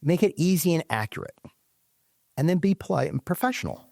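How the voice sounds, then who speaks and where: A man's voice: fairly high pitch, fairly quick, vocal fry, no room sound, clean studio sound. A man being interviewed as a company leader, speaking conversationally and acting out callers as he tells stories. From United States. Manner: animated storyteller, acts out phone callers.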